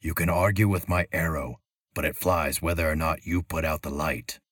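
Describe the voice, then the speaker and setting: A man voicing a stern, furred male forest archer in a storybook reading, low and gravelly, speaking in short commands. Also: steady tone, moderate pace, fairly bright tone, dry recording, studio quality. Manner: terse, commanding.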